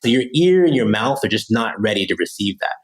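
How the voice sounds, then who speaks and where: An American man, a guest on a podcast, explaining his method in a lively, casual way and often checking in with "right?". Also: fairly low pitch, brisk, poor audio. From United States. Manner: animated, lively teaching, keeps checking in with "right?"; casual slangy delivery with many "like" fillers. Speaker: podcast guest, language coach.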